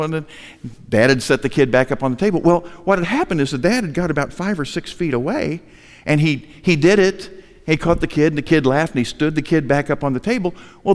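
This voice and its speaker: Preaching in a large church hall, an older male pastor tells a humorous story at his own expense and asks the congregation questions. His voice is fairly high, followed by a long reverb tail.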